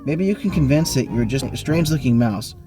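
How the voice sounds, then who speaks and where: A man's voice: brisk, music in the background. Man reading a spooky kids' book aloud. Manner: animated reading, bursts of speed and pitch jumps. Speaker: game host reading the book. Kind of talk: reading a choose-your-own-adventure book aloud. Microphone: online voice call.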